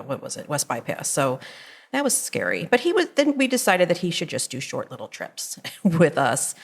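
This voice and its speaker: Middle-aged mom on a podcast, low voice, rambly animated storytelling. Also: female voice, vocal fry. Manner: rambling, animated retelling with laughs. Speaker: podcast co-host, mother. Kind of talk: casual storytelling chat.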